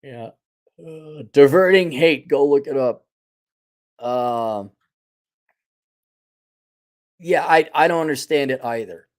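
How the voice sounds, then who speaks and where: A man's voice: mid-range voice, slow, pauses often. Middle-aged male host, profane and sarcastic ranter. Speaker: podcast host. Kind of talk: casual ranting monologue.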